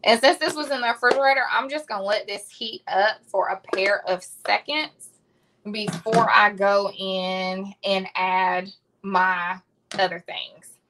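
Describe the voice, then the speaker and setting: In a mid-range, fairly even voice, a little slow, a Southern woman in her thirties chats with y'all while cooking on her livestream. Background noise can be heard.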